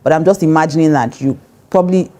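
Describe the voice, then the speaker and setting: A middle-aged woman pastor with a Nigerian English accent teaching on marriage in a direct, conversational way. Her voice sits low and sounds warm and mellow. She stresses her points firmly and breaks into laughter often. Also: fast talker.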